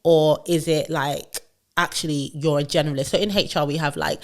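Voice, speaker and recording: A woman hosting an HR podcast, chatting with enthusiasm and lively asides. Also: low voice, brisk. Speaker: podcast host. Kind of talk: casual interview chat.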